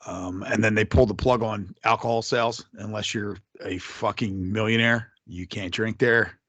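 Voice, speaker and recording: A man's voice: fairly low pitch, steady tone, moderate pace, fairly bright tone, no room sound. A man in a casual podcast chat, hesitant and full of ums, swearing freely. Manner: hesitant, lots of ums, profane. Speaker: podcast co-host.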